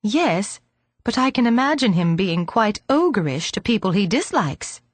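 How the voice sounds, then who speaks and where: A woman reading an audiobook, voicing a calm, polite young woman. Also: medium pitch, measured pace, no room sound.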